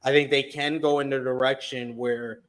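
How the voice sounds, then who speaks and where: A man's voice: mid-range voice, normal speed. A man hosting a wrestling review show, chatting casually and with enthusiasm. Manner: animated, enthusiastic. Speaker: host. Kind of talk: casual chat.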